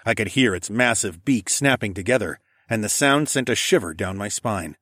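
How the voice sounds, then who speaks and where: A man narrating a first-person audiobook in a steady, measured way. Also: lowish voice, no echo, clean studio sound.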